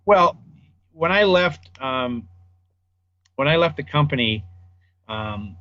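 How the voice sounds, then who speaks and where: A man's voice: on the high side, lively intonation, takes it slowly, bright, forceful tone, lo-fi sound. An older man, a guest audio designer, casually telling rambling anecdotes in an interview and acting out the people he quotes.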